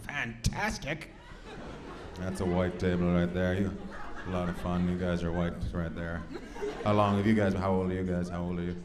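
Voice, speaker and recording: A man's voice: deep voice, normal speed. A man doing profane, teasing stand-up crowd work with the audience in a comedy club. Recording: echoey club, loud crowd noise.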